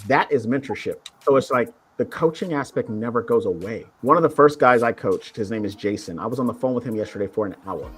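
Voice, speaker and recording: A man who coaches nurses for their licensing exam, talking in an animated way and acting out the dialogue he quotes. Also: lowish voice, quick pace, hardly any pauses, husky. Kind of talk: conversational interview.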